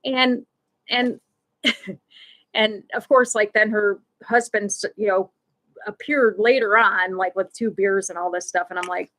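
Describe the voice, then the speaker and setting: A woman's voice: medium pitch, fairly even intonation, a little slow, fairly bright tone. A middle-aged woman hosting a live stream, telling a casual story in a rambling way, restarting often and laughing as she goes.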